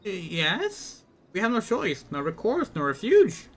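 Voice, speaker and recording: A fretful little kobold, high-pitched and whimpering, heaps woe upon woe, as a man puts him on. The voice sits well above a normal man's speaking pitch and keeps lurching between cries, with faint game music underneath. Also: wildly swooping pitch, unhurried, a bit bright, full character voice. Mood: wailing. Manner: piles up gloomy synonyms, whimpering and pleading. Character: fretful wailing male kobold, small and timid.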